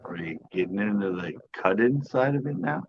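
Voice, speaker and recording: A man in casual chat who tells stories in an animated way, laughs a lot and swears freely. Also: fairly low pitch, moderate pace, highs cut off, a little hiss or hum. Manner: chatty, laughs often, animated storyteller, swears. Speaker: channel host.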